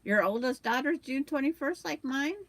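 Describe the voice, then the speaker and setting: A woman's voice: high voice, expressive, moderate pace, fairly bright tone, no echo. An older woman hosting a quilting livestream, chatting casually with viewers while she sews and trims fabric, with the hiccups.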